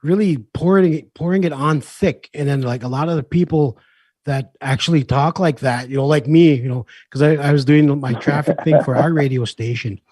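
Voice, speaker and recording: A man hosting a casual interview in a northern Minnesota reservation accent, talking in a rambling, halting way with lots of fillers. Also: on the high side, a little mellow, no room sound. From Red Lake, Minnesota. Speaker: host, comedian.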